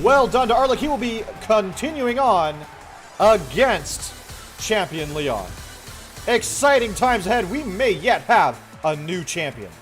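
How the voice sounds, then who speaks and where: A man putting on the voice of an excited male sports announcer, giving dramatic mock play-by-play over a game. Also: exaggerated voice. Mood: booming. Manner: booming, dramatic play-by-play hype. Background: faint background music.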